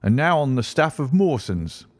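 A man voicing a brisk, flattering middle-aged financial agent who talks in a clipped, persuasive way, in an audiobook. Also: medium pitch, dry recording, studio quality. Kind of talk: audiobook character reading.

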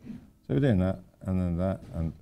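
A man's voice: deep voice, expressive, moderate pace, vocal fry, dark tone, a little hiss or hum. An older man, an architect giving an informal lecture, rambling through anecdotes with wry asides.

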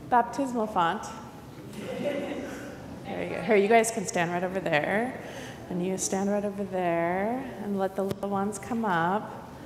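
A woman pastor giving a children's sermon in a church, telling the story with lively voices. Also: slow, long pauses. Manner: animated storytelling, acts out the crowd's shouting. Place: church sanctuary. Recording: church hall reverb, faint rumble.

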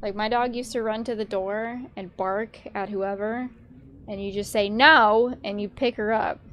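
Loud, swearing woman streaming a game. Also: mid-range voice, steady tone, normal speed, slight background noise. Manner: loud, profane, joking at the game. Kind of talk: casual gaming commentary.

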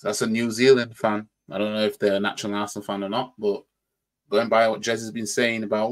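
A man's voice: fairly low pitch, flat delivery, brisk. A man with a Yorkshire accent hosting a reaction channel, talking through his thoughts in a rambling way and repeating words as he goes. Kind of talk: casual reaction commentary.

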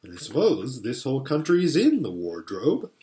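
A man voicing an eager, bossy schoolboy big brother in a storybook reading, exclaiming excitedly, in a roomy-sounding space. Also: mid-range voice, moderate pace. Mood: earnest. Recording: roomy echo.

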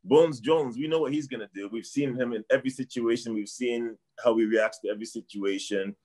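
A little fast and a little mellow, his medium-pitched voice belongs to a middle-aged martial arts trainer from Canada. As a guest in easygoing sports talk, he rambles, repeats himself, and lets sentences fade out with "I don't know."

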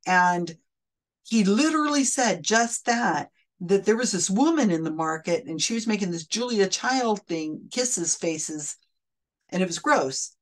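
A woman's voice: on the low side, animated, measured pace. A woman commenting analytically on a recorded psychic reading, explaining and restating quotes in a picky, careful way. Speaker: skeptic commentator.

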